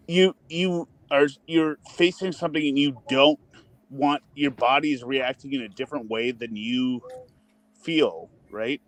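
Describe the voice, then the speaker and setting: A man's voice: medium pitch, slow pace, fairly bright tone, slight background noise, poor audio. A man in a casual streamed discussion, interrupting insistently to argue his point. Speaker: panelist in a stream debate.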